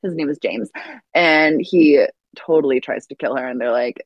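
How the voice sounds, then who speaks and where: An enthusiastic woman rattles through a story on a casual podcast, laughing as she goes. Her voice sits at an ordinary pitch and sounds close and dry, with no room around it. She bounces between narration and quick put-on lines. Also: breathy edge, no echo, rough recording. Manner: enthusiastic, animated plot summary with frequent laughs. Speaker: podcast co-host.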